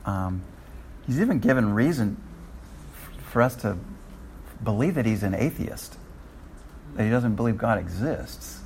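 A man's voice: lowish voice, lively intonation, unhurried, creaky, pauses often, darkish tone, a little hiss or hum. An older man teaching a Bible study in a conversational way, often restarting his sentences.

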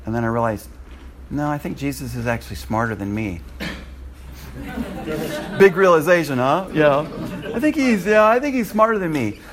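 Animated male preacher telling a story. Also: normal speed, long pauses, crowd noise. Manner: animated, acts out his own lines with sudden high leaps in pitch and laughter. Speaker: Bible college lecturer and missionary. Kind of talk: storytelling testimony to a class. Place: classroom.

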